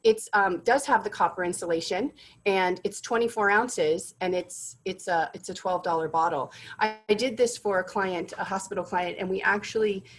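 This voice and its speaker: A woman's voice: mid-range voice, moderate pace, rough recording. A woman presenting corporate gift drinkware in a product demonstration, enthusiastic and gushing about each item.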